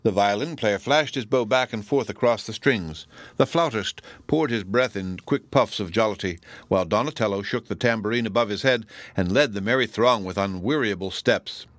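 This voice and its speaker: Male audiobook narrator, deep-ish voice, measured formal delivery, dry booth sound. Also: a bit bright, dry recording. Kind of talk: scripted narration of a classic novel.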